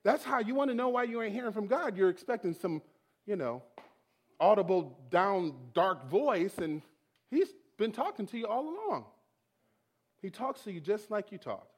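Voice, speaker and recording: A man with a high voice preaches to a congregation, telling his own story. His delivery is animated, and he acts out his prayers as if they are happening again. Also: normal speed. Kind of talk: sermon testimony.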